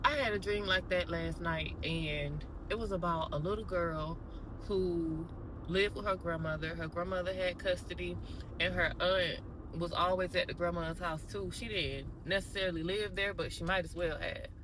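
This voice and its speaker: A woman vlogger casually telling a story straight to her viewers, animated and conversational. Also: on the low side, normal speed, noisy background.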